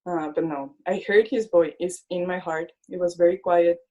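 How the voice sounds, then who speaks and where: Speaking at a normal pace in a lowish, warm, steady voice, a young illustrator tells her faith story as a guest in a conversation. She's earnest, fills her speech with "like," and voices her old thoughts as quotes, though the audio is dull.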